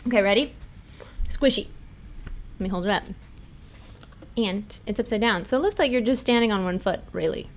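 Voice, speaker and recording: A woman's voice: mid-range voice, moderate pace, pauses often. A woman hosting a casual livestream, chatting and giggling as she reads tarot cards for her viewers. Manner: giggly and chatty, answering chat. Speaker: livestream host.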